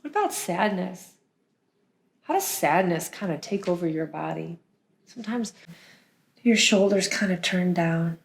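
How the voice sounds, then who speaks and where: A woman's voice: on the low side, lively intonation, measured pace, vocal fry, long pauses, reverberant, slight background noise. Cheerful woman teaching young children. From United States. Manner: warm, sing-song teacher talk with playful sounds. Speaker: songwriting teacher. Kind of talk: children's lesson, gentle and encouraging.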